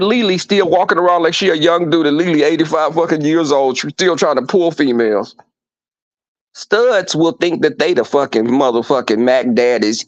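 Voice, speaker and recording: A man's voice: on the high side, no room sound. A man hosting a casual livestream chat, telling profane, campy stories to his viewers from home. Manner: animated, profane, campy storytelling. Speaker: livestream host. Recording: dull lo-fi dry sound.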